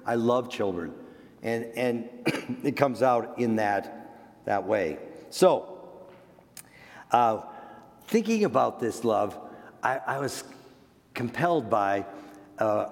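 An older man, a grandparent, giving an earnest sermon on parenting, repeating words and slowing down for emphasis. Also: medium pitch, vocal fry. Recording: long echoey hall reverb.

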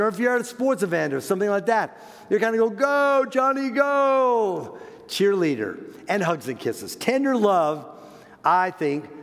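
An older man, a grandparent, giving an earnest sermon on parenting, repeating words and slowing down for emphasis. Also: fairly high pitch, creaky. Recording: long echoey hall reverb.

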